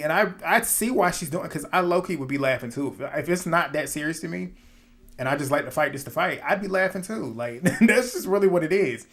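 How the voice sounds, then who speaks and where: This is a man delivering casual recap commentary on a reality show, in a slightly higher-than-usual voice. He is loose and opinionated, breaks into laughter often, and swears freely as he talks. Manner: animated, laughing, profane and opinionated.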